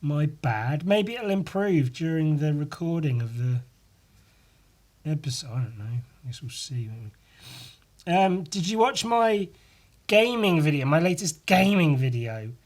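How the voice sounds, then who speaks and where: A man hosting a casual solo podcast, hoarse and losing his voice, rambling, swearing freely and putting himself down. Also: fairly high pitch, animated, measured pace. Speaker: podcast host.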